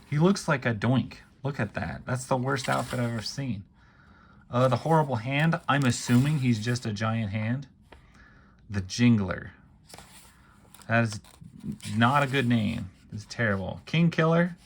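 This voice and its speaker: Gravelly man giving wry offhand commentary. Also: medium pitch, expressive, measured pace, a little hiss or hum. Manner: wry, offhand, lots of ums and uhs. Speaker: book reviewer. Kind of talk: casual commentary while paging through a book.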